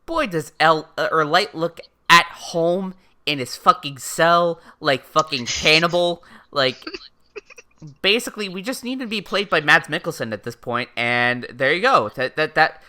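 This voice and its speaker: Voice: mid-range voice, expressive, unhurried, bright, forceful tone. A podcast co-host chatting casually about an anime, swearing freely and mimicking the characters. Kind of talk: casual chat recapping anime.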